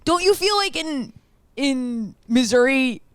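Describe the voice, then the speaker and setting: A woman's voice: high voice, expressive, slow pace, clear, resonant tone, dry recording, studio quality. A woman co-hosting a podcast in casual, blunt, jokey chat, swearing freely. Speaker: podcast co-host.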